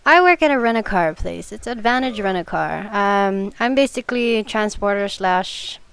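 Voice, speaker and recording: A woman's voice: mid-range voice, lively intonation, moderate pace, creaky, a bit bright, smooth. A young woman chatting casually over gameplay, telling work stories and giggling often. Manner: giggly, laughs through her stories. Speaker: gaming video commentator. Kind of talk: casual gameplay commentary storytelling.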